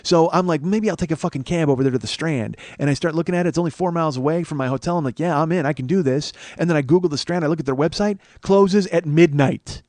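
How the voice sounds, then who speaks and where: A man's voice: a little high, fast, hardly any pauses, no room sound. A man hosting a podcast, telling a long profane story and acting out the people in it. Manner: animated, swearing, acts out quoted people. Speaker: comedian and podcast host.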